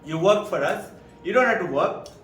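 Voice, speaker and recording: A man's voice: lively intonation, moderate pace, a bit bright, faint music behind. A man from India, giving an informal, anecdotal spiritual talk. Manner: rambling, anecdotal storytelling. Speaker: spiritual speaker. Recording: echoey room from far off, low rumble.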